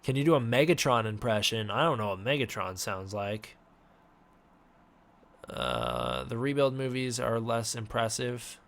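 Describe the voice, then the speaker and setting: A man hosting a casual live-stream Q&A, giving offhand, halting answers to chat questions. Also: mid-range voice, sing-song, vocal fry, a bit bright. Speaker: host.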